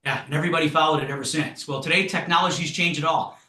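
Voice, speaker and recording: An excitable man leads a sales training with hyped, punchy energy, his words tumbling out quickly in a bright, forceful voice. The room around him rings with a noticeable echo. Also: fairly high pitch. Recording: roomy echo.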